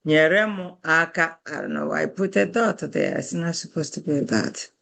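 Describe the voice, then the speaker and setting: A woman with an Igbo accent teaching a language lesson, slowly repeating words for her students to learn. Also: low voice, animated, gravelly, a bit bright. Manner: slow and deliberate, repeating words for drill. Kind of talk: slow classroom teaching.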